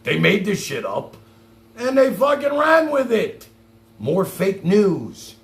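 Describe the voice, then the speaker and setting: Sarcastic man with a gravelly, swooping voice. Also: high-pitched, huge pitch swings, slow pace, reverberant. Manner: mocking, repeats lines back with sarcasm, swears freely. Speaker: streamer reacting to a clip. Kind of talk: heated live-stream commentary.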